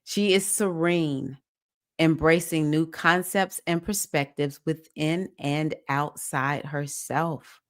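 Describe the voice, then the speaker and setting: Host: Southern woman, slightly low voice, upbeat and encouraging, reading comments on a webcam live stream. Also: steady tone, slow. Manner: warm, encouraging, reads comments aloud and cheers viewers. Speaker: spiritual teacher hosting a live session. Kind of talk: casual live-stream chat.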